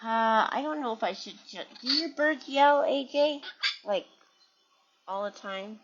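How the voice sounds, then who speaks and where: A woman's voice: a little high, measured pace, lo-fi sound, background noise. A woman hosting a parrot channel, chatting casually at home with her birds and reading viewer comments.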